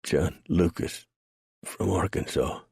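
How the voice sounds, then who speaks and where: A man's voice: low-pitched, takes it slowly, gravelly, a little mellow, husky, dry recording, clean studio sound, voice pushed up, full character voice. A man voicing a wounded, dying male outlaw, bitter and gasping out his words. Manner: gasping, faint.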